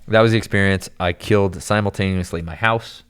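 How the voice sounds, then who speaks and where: A man's voice: deep voice, steady tone, brisk, smooth. A young man on a podcast, telling a long story in a loose, rambling way, full of "like" and "dude.". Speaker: podcast guest. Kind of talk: casual storytelling chat.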